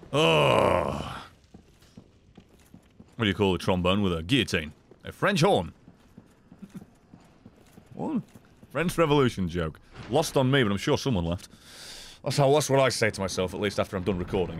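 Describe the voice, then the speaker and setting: A man's voice: medium pitch, expressive, moderate pace, long pauses, a bit bright, a little hiss or hum. A man streaming gameplay in casual commentary, swearing often, joking and laughing.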